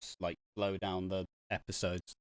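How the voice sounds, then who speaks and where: A man's voice: low voice, flat delivery, normal speed, crowd noise. A man co-hosting a podcast, recapping soap episodes in chatty, casual talk and often laughing. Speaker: podcast co-host.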